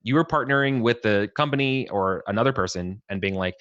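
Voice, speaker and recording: Halting male podcast co-host, dry sound. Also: fairly low pitch, fairly bright tone, dry recording, muffled recording. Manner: halting, full of fillers and repeats. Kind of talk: casual podcast chat.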